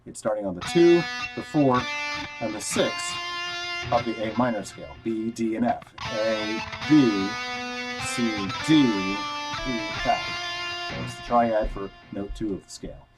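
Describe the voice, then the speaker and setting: A man's voice: lowish voice, animated, a little slow, rough recording. A man teaching guitar technique in a casual live-streamed lesson, explaining step by step and counting notes aloud while he plays. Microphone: headphones on, wired mic. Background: guitar playing.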